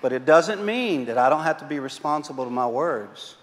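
High-voiced joking pastor in a reverberant hall. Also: male voice, animated, fairly quick. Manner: joking, self-mocking storyteller. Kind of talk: sermon.

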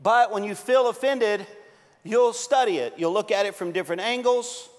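High-voiced pastor preaching in a reverberant hall. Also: male voice, normal speed. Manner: animated storytelling, swings from loud to hushed. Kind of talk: sermon.

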